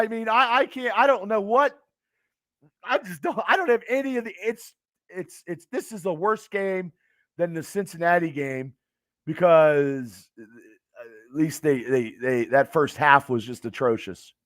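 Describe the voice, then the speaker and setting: Guy venting at home on a late-night stream, high-pitched, keeps stammering and swearing. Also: unhurried, fairly bright tone, dry recording, clean studio sound. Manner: frustrated, stammering, cursing. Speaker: fan show host.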